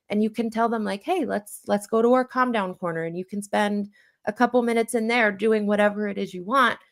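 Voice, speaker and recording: A woman's voice: medium pitch, a bit bright. Chatty woman guest, full of fillers. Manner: chatty, heavy use of "like" and self-corrections; plays out little dialogue bits in a raised voice. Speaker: guest who counsels children and parents. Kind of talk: casual conversational interview.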